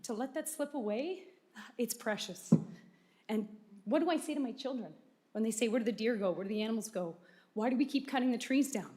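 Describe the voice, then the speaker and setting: A woman's voice: on the high side, brisk, dark tone. A woman and mother speaking as a resident at a council meeting, emotional and pleading. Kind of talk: public comment. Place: council chamber.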